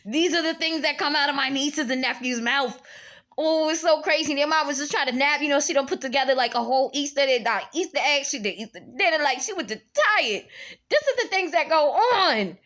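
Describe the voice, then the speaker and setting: A young woman telling a story in a casual vlog, animated, jumping up high for quoted lines, recorded on a phone. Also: brisk. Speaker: vlogger. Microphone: phone camera.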